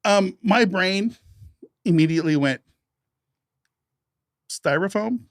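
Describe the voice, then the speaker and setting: Dude on a gaming podcast, kinda high voice, jokey, swears a lot, dry close sound. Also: male voice, brisk, dry recording. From United States. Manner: joking, swears freely, laughs often. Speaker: podcast co-host. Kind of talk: casual chat.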